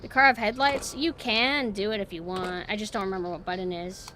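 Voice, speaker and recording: A woman streamer giving casual gameplay commentary, chatting to her viewers and jumping to high squeals when flustered. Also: fairly even intonation, a little fast, bright, forceful tone, faint music behind.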